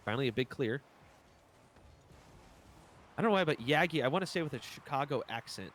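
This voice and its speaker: Play-by-play esports caster, male, mid-range pitch, excitable and joking. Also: fairly quick, slight background noise. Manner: excitable jumps in pitch, jokey asides. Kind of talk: live esports commentary.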